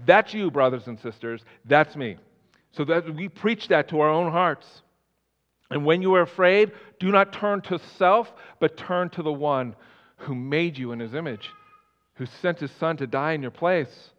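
A man preaching a sermon as pastor, swinging between loud emphatic lines and soft quiet ones. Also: on the high side, unhurried. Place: church sanctuary. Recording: dull sound, long hall reverb.

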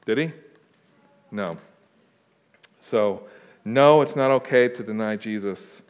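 In a church sanctuary, a pastor preaches a conversational sermon, answering questions plainly and informally and tossing in joking asides. His voice is medium-pitched and moderately paced, with frequent pauses. The recording carries the long reverb of a large hall.

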